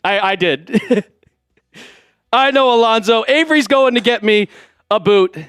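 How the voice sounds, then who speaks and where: A man hosting a live sports stream, excitedly reading out donations and shouting, out of breath at times. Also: very high-pitched, unhurried, clean tone, dry recording, studio quality. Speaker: livestream host.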